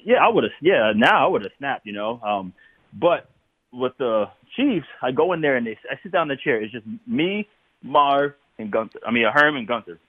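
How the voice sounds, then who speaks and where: A man, a former football player, talking as a guest in a casual interview, telling animated stories and laughing often. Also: mid-range voice, normal speed, slightly rough, dry recording, phone-quality sound.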